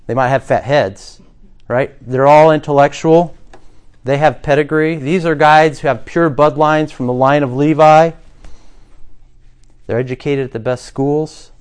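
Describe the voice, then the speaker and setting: A man preaching a sermon to his congregation, telling the scripture story with dramatic emphasis and acting out the voices he quotes. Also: on the high side. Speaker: pastor.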